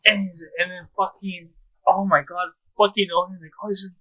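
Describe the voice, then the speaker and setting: Man, high bright voice, excitable gamer co-host, swears a lot. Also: normal speed, poor audio. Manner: excitable, swears a lot, acts out game scenes. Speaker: podcast co-host. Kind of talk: casual chat.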